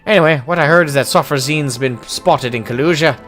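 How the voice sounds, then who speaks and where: A man's voice: on the high side, a little fast, fairly bright tone, soft background music, lightly acted. A man voicing a jovial, hard-drinking male dwarf adventurer in a put-on Irish accent, hearty and boastful. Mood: boisterous. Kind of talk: voicing game dialogue aloud.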